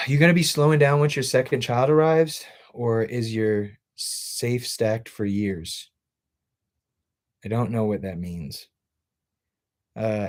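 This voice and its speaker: A man in a casual livestream chat, answering viewers off the cuff. He swears freely and rambles in loose, blunt sentences. His voice sits at an ordinary middle pitch.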